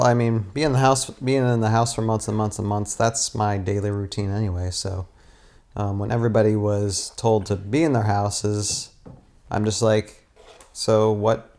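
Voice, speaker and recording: A man's voice: lowish voice, darkish tone. A man, a guest and stop-motion animator, chatting casually indoors, rambling with lots of restarts and little rants. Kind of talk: casual chat. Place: indoors, sitting on a futon.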